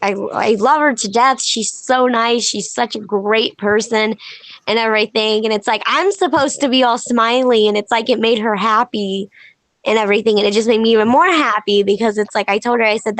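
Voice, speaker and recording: A woman pro wrestler, a podcast guest, telling stories in a casual, animated way and acting out quoted dialogue. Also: fairly high pitch, moderate pace, no echo. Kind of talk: casual podcast interview storytelling.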